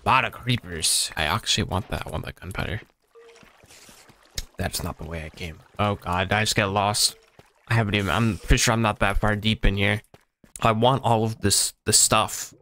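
A gaming channel host gives casual running commentary while he plays, chatting to himself and swearing freely. His voice is lowish and sharp in tone, with fairly even intonation and normal speed, and there's slight background noise.

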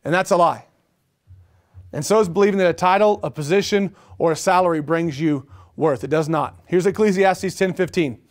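A middle-aged male pastor preaching a sermon, animated and repetitive, asking the room questions. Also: on the high side, fairly quick. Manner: animated preaching with repeated phrases and rhetorical questions.

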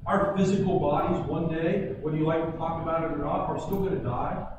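A man preaching a sermon as pastor, shifting between forceful emphasis and quiet, slowed lines. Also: fairly high pitch, dull audio. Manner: builds to forceful emphasis then drops quiet. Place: church sanctuary. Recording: echoey church hall, distant mic, background noise.

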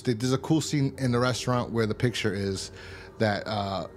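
A man giving a rambling, casual recap of a TV episode, retelling scenes in loose "he's like" quotes. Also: fairly low pitch. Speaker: TV episode reviewer.

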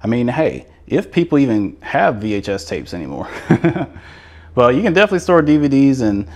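Walking through a manufactured home show model with a handheld camera, a home tour host gives a chatty, enthusiastic narration. His mid-range voice has a darkish tone, and he talks fast and very animatedly, repeating words.

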